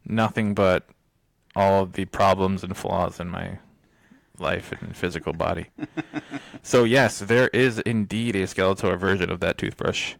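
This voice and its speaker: Low-voiced chuckling podcast guy. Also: fairly even intonation, normal speed, creaky, dry recording, clean studio sound. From United States. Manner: rambling, chuckling often between thoughts. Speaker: podcast co-host. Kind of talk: casual chat.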